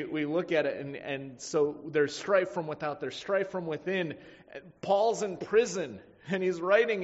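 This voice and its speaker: A man preaching a sermon, emphatic, swinging between loud stresses and quiet asides. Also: mid-range voice. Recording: muffled sound with long hall reverb.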